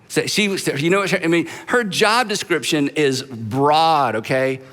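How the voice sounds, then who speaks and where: A man's voice: on the high side, fairly bright tone. A middle-aged man, a pastor, giving a conversational leadership talk to a live church audience, acting out short dialogues and often restarting his sentences. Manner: conversational, acts out quick dialogues, frequent restarts. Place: large church auditorium. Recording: long reverb from a large hall.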